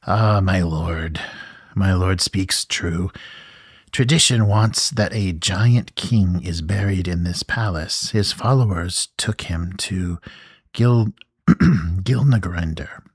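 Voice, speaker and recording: A man's voice: low-pitched, slow pace, breathy edge, no room sound, studio quality, full character voice. A man doing a whiny cowardly troll. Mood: whining. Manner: whining, grumbling.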